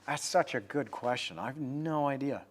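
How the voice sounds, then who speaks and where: A man's voice: mid-range voice, moderate pace. A man in his forties hosting a livestream, painting while chatting upbeat and answering viewer comments.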